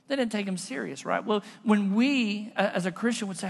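A man's voice: high-pitched, fairly quick, gravelly, hardly any pauses. A man preaching a sermon as a pastor, in a casual, conversational style that mixes stories into his preaching. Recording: long reverb of a large hall.

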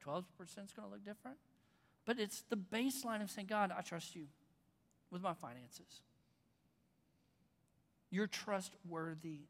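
A pastor preaching a conversational sermon, with bursts of loud emphasis. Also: male voice, sits high, creaky. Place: church auditorium. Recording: long reverb in a large hall.

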